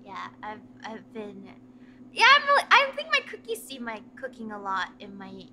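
A woman's voice: medium pitch, wildly swooping pitch, normal speed, pushed and bright, a little hiss or hum. A woman hosting a stream in casual chat with a guest, chatty and often breaking into giggles mid-sentence. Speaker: streamer host.

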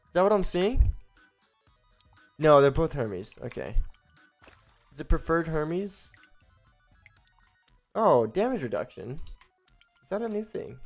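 A fairly high-voiced young man chats his way through a video game stream, rambling from one thought to the next. He bursts into excited exclamations and trips over his own sentences. Faint game music plays underneath his voice. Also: slow, long pauses. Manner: chatty and rambling, with excited exclamations and self-interruptions. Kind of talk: casual gameplay commentary.

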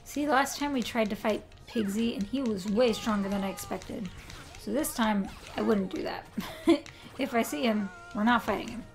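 Live-streaming her gameplay, a chatty young woman talks to herself as she plays. She has a mid-range voice with vocal fry.

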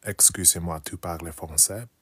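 A man chatting casually on a late-night livestream, talking softly and often slipping into whispers as he repeats phrases aloud. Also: low-pitched, fairly even intonation, moderate pace, noisy background. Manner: chatty with viewers. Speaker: art livestreamer.

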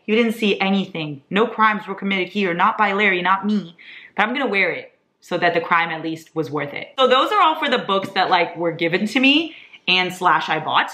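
A woman's voice: mid-range voice, brisk. Gushing young woman vlogger, echoey room. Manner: gushing, excitable, laughs often. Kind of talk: casual chat.

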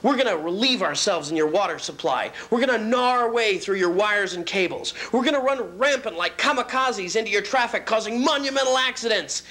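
A man voicing a disgruntled, hefty male raccoon who rants and threatens in a gruff, sneering voice. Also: expressive, a little fast, few pauses. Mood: ranting. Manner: ranting, with sharp swings in pitch and loudness. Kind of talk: comic story voice.

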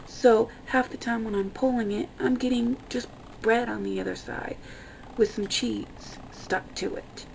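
Gravelly-voiced woman ranting, exasperated. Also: on the high side, steady tone, unhurried, darkish tone, slight background noise, rough recording. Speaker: vlogger. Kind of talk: casual ranting vlog.

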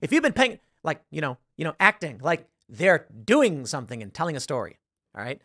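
A man's voice: on the high side, sing-song, a little fast, bright, forceful tone, no echo, clean studio sound. A man hosting a casual talk show, rambling about films while searching online and acting out lines. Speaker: podcast host. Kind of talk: casual commentary.

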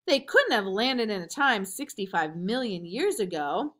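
A woman's voice: medium pitch, very animated, measured pace, a bit bright. A woman voicing a nervous, cautious young boy in a read-aloud storybook. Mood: doubtful. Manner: startled, protesting.

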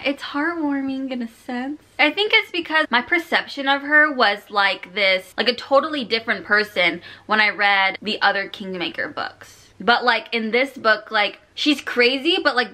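Woman vlogger reacting to her reading, giggly and effusive, drawn-out delivery with a bright voice. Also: fairly high pitch. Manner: giggly and gushing, laughs often; heavy use of "like" fillers. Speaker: book vlogger. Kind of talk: casual reading vlog.

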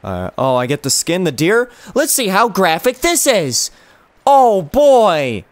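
Young male streamer, high, bouncy voice; playful and giggly, reads on-screen prompts aloud. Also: huge pitch swings, takes it slowly, no room sound. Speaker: gameplay streamer. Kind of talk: casual let's-play commentary.

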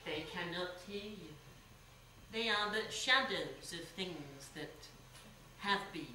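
A man's voice: high-pitched, takes it slowly, bright, forceful tone, exaggerated voice. A man playing a wry, theatrical male ghost in a one-man stage show, speaking in a stately way with joking asides. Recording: echoey theatre stage, mic far off, audience noise.

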